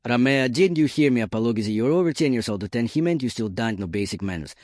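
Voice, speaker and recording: A man's voice: medium pitch, expressive, fast talker, darkish tone, no room sound, studio quality, close to an everyday voice. A man voicing a drunk, scolding wife. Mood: demanding. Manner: harsh, scolding. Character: drunk, scornful adult wife.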